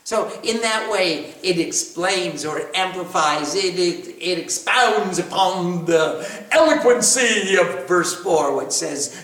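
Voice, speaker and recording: A man's voice: high-pitched, expressive, slow, fairly bright tone. A man giving a spiritual discourse and answering questions, playful and self-mocking, often laughing. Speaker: spiritual teacher. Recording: echoey room, picked up from a distance.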